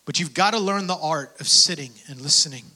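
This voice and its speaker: High, bright-voiced man preaching. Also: a little fast. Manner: swings from hushed whispers to shouted passion; acts out prayers and quotes in dialogue. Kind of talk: sermon.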